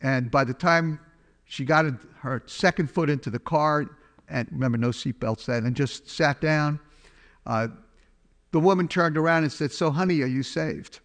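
A man's voice: on the high side, moderate pace, a bit bright. A man giving a chatty, humorous personal testimony, telling a story to an audience. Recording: long hall reverb.

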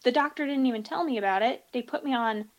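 A woman telling stories in casual podcast chat, animated and acting out the people in them. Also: a little high, quick pace, rough recording.

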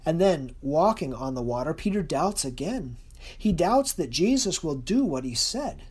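A preacher delivering a sermon in an earnest, expressive way, slowing and softening for emphasis. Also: medium pitch, slightly rough.

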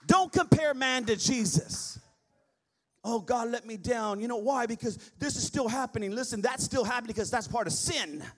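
A man's voice: extremely high pitch, fairly quick, few pauses. A man preaching a sermon as pastor in a church, reading scripture and calling on the congregation to answer back. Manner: preaching, quoting scripture, calls on the congregation to respond.

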